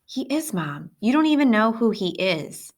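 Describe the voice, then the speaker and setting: A woman's voice: a little high, big pitch swings, normal speed, pitched above the performer's own voice. Woman reading as a firm, coaxing mother. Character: patient but firm middle-aged mother.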